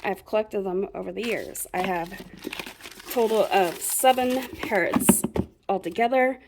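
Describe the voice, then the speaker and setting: A woman's voice: medium pitch, creaky, darkish tone. A young woman giving a rambling, self-deprecating tour of her craft room at home, chatting casually and laughing at herself. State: a bit out of breath. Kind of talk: casual chat.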